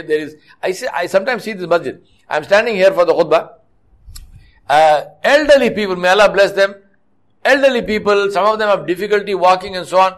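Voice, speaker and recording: This middle-aged man preaches at a mosque with a high-pitched, fairly bright tone. His sermon unfolds as storytelling that keeps restarting, and he chides the congregation through rhetorical questions.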